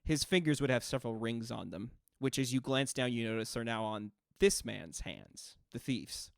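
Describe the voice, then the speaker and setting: A man running a tabletop game as game master, narrating scenes in a measured, descriptive way. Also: medium pitch, animated, gravelly, no echo, studio quality.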